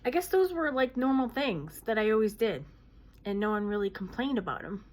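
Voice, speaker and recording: A woman's voice: fairly high pitch, expressive, a little fast, a little mellow. Chatty woman with sudden vocal tics. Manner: chatty, broken by sudden vocal tics, hoots and throat clearing. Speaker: vlogger answering viewer questions. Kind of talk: casual Q&A vlog.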